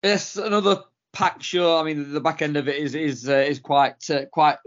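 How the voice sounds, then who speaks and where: A man's voice: on the high side, fairly even intonation, normal speed, fairly bright tone. A British man co-hosting a podcast, easygoing and hesitant, often restarting his sentences. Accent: British English. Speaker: podcast co-host. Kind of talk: casual podcast banter. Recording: slightly dull-sounding podcast audio.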